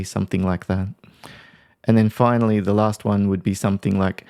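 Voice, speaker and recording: A man with a fairly low voice talks through a lesson on workplace conflict in a casual, conversational way. He thinks aloud and slips into example phrases as he explains. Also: level tone, moderate pace, dark tone, clean tone. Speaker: workplace mediator and trainer.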